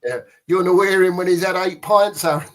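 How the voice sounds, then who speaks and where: A man with a Cockney accent co-hosting a casual pub chat show, blunt and quick to laugh. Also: sits high, fairly even intonation. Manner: laughs often, blunt and chatty. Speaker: podcast co-host.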